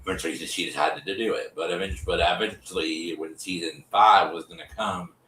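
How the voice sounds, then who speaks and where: Deep-voiced man rambling in an echoey room. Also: fairly quick, fairly bright tone. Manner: rambling, loops back and repeats himself while storytelling. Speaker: livestream host. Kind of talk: casual chat retelling TV history. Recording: echoey room, distant from the mic.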